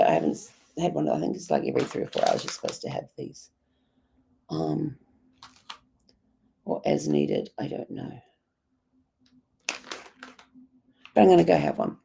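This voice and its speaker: Woman, hoarse croaky gravelly voice, swooping pitch, rambling casual vlog host, coughs now and then. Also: dark tone. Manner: rambling, chatty, many ums. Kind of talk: casual daily journaling vlog.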